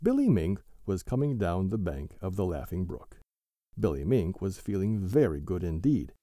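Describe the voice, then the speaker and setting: Male podcast host narrating children's stories; warm dark tone, very expressive delivery. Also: on the low side, creaky, no room sound, studio quality. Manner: animated, gentle storytelling.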